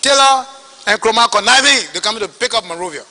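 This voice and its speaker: A man with a Liberian English accent testifying at a hearing, telling his story in an animated way and acting out the dialogue. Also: sits high, fast talker, in a large hall, rough recording. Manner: animated, acts out quoted dialogue.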